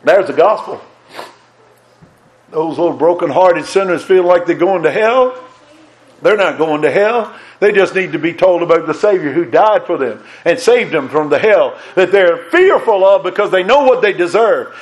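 A man preaching a sermon, fervent and emphatic, repeating words and swinging between raised and hushed delivery. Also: high-pitched, expressive, moderate pace, poor audio.

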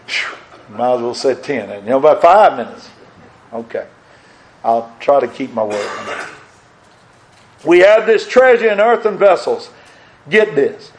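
A man's voice: mid-range voice, sing-song, unhurried, pauses often, slight background noise, poor audio. An older man preaching a sermon in a folksy way, asking his congregation questions and rising to emphatic peaks. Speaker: pastor.

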